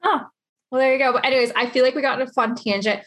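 A woman's voice: sits high, steady tone, racing, fairly bright tone. A woman hosting a casual interview, talking in a bubbly, rambling way. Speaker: interviewer, podcast host.

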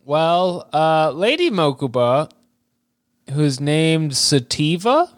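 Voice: mid-range voice, sing-song, slow, dry recording, studio quality. A man co-hosting a comedy podcast, casually recapping a cartoon episode with plenty of laughter. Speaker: podcast co-host.

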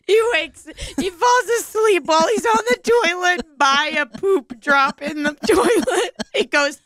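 A woman's voice: very high voice, unhurried, fairly bright tone. A woman co-hosting a casual comedy chat, riffing and mimicking people in silly voices.

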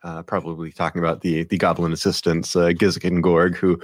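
A very deep-voiced man narrates a tabletop game as its game master. He talks in a relaxed way, filling pauses with ums. The sound is dry and close. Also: dry recording. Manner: relaxed, many ums, laughs easily.

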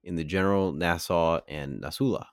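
A man with a very deep voice co-hosting a podcast, joking and getting animated as he talks, with the odd curse thrown in. The recording is dry and close-miked. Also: normal speed, no room sound. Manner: animated, swears, jokey. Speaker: podcast co-host. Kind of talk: casual chat about a TV series.

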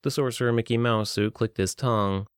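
A man narrates a story in an audiobook style, reading in a steady, even way. His voice is smooth and clear at a middle pitch, and the recording is dry and close. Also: brisk, dry recording.

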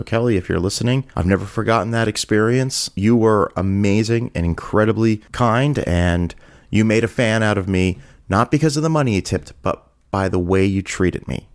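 With a fairly low, gravelly voice, this Halifax podcast host, a middle-aged man, recounts an anecdote in a casual, animated way. Now and then he briefly imitates the voices of the story's characters.

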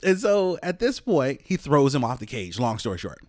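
Brief: man in his thirties, mid-pitched, dry close sound, casual podcast storyteller who rambles and chuckles. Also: big pitch swings, moderate pace, dry recording. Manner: rambling, chuckles often, many fillers. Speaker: podcast host.

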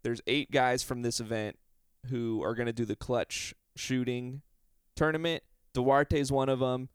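Guy cohosting a podcast, talks fast and explains stuff, smooth clear voice, dry close sound. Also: medium pitch, fairly even intonation, no echo. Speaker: podcast co-host. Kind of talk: casual chat about basketball.

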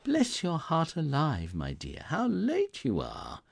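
A man's voice: fairly high pitch, wildly swooping pitch, slow pace, creaky, husky, pitched above the performer's own voice, full character voice. A man doing a bustling, fussing Victorian mother. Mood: affectionate. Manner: fussing, affectionate.

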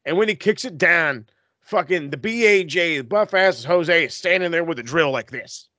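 A man co-hosting a wrestling podcast in casual chat, animated and profane, acting out quotes with big jumps in pitch. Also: normal speed, dry recording.

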